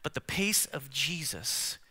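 Forceful bright-voiced preaching man, hall echo. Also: mid-range voice, big pitch swings, slow, husky. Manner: emphatic preaching, swinging from loud declarations to hushed near-whispers; engages the congregation with direct questions. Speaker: pastor. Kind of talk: sermon. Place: large church sanctuary. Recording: long hall reverb from church sanctuary.

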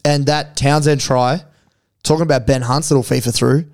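A young Australian man co-hosting a casual podcast in a relaxed, slangy way. His voice is smooth and clear and sits at an average pitch, and he swears freely. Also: moderate pace. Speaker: podcast co-host. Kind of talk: casual chat.

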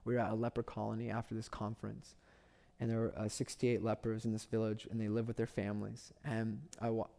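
A man's voice: on the low side, monotone, fast, gravelly, mellow. A man, a pastor preaching a sermon with impassioned storytelling and repeated phrases for emphasis.

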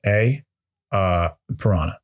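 A man's voice: low voice, takes it slowly. A man on a podcast telling a rambling, self-deprecating story, full of cursing and restarts. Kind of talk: casual comedic storytelling.

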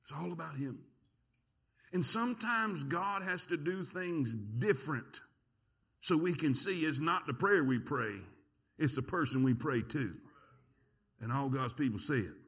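A pastor preaching a sermon, telling a story with lively energy and quick repeated words. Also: male voice, fairly high pitch, vocal fry, husky. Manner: storytelling, animated, repeats words when excited.

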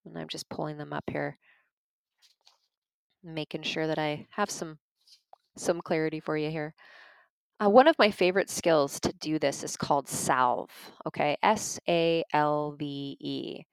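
Speaking at a moderate pace with vocal fry and frequent pauses, a low-voiced woman tells stories in an informal talk on emotions and parenting. She's earnest and chatty, addressing her audience as "you guys." There's no echo, though the recording is rough.

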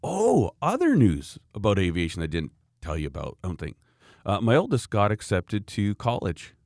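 Man in his forties, podcast co-host; very low voice, close and dry sound, chatty storyteller. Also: huge pitch swings, normal speed, a little mellow, no room sound. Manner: rambling anecdotal storyteller, chuckling often. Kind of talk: casual chat.

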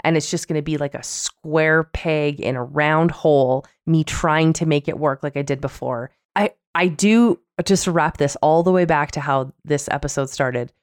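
A woman's voice: low voice, moderate pace, few pauses, no echo, clean studio sound. A woman in her thirties co-hosting a podcast, candidly telling dating stories in casual chat. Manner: candid, animated storytelling with quoted voices. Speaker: podcast co-host.

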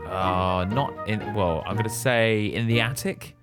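A man's voice: on the low side, a little slow, over loud music. A man co-hosting a casual podcast, reacting wryly and asking playful questions about a film. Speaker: podcast co-host. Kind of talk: casual chat.

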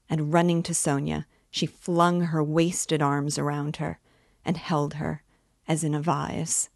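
A woman reads a novel aloud in a calm, deliberate way. Her voice is low and slow, and the sound is dry and close. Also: gravelly, dry recording. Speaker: reader. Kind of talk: audiobook narration.

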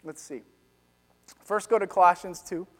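High-voiced male pastor in a reverberant hall. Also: moderate pace. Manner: animated storytelling with swings from loud to hushed. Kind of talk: sermon. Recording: long reverb of a large hall.

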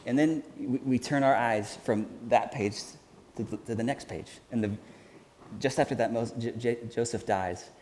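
A man preaching a sermon in an earnest, halting way, often restarting his sentences. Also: mid-range voice, a little mellow, a little hiss or hum. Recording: hall reverb with faint ambience.

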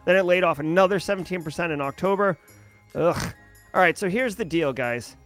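A man's voice: high voice, a little fast, fairly bright tone, faint music behind. Chatty man hosting a stream. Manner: chatty, reads headlines then riffs and answers chat. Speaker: livestream host. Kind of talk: casual news commentary.

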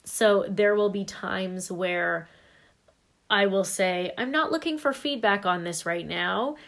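A woman co-hosting a podcast who talks candidly and emphatically. Her voice sits mid-range, and she swears casually now and then in relaxed chat. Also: mid-range voice, slow, vocal fry. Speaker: podcast co-host.

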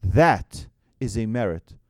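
A man's voice: on the low side, lively intonation, slow pace, a little mellow, no echo, studio quality. A man, a rabbi, telling a story in a sermon, acting out the voices and often restarting his phrases.

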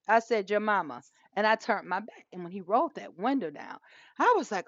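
A woman's voice: mid-range voice, normal speed, no echo. A woman in her forties co-hosting a podcast, telling a story with laughter and acting out both sides of the dialogue. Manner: animated, laughs while telling stories, acts out dialogue. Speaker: podcast co-host. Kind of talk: casual storytelling chat. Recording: dull lo-fi dry sound.

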